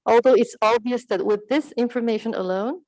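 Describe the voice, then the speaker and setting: Woman, conference presenter, academic talk, slightly high pitch, self-corrections. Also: a little fast, darkish tone, no room sound, rough recording. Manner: explanatory, with fillers and self-corrections.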